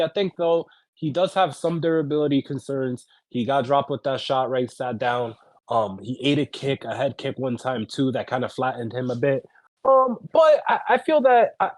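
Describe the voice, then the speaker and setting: A man co-hosting a casual betting podcast, measured and hedging, with many fillers. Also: a little high, dry recording. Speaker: podcast co-host, betting picks. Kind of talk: casual chat.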